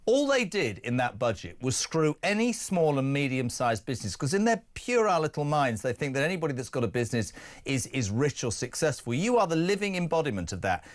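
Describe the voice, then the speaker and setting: A man with a high voice runs a radio phone-in from the studio. He jokes with his callers and launches into firm, opinionated rants. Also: big pitch swings, a little fast. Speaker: radio talk show host.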